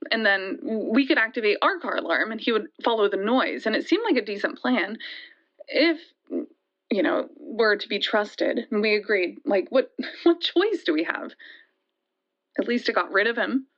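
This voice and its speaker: A woman's voice: mid-range voice, lively intonation. A woman as a shaken young caller. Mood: tense. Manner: halting, repeats words when tense. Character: shaken young woman retelling a deadly night. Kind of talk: audio drama monologue. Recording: dull lo-fi sound.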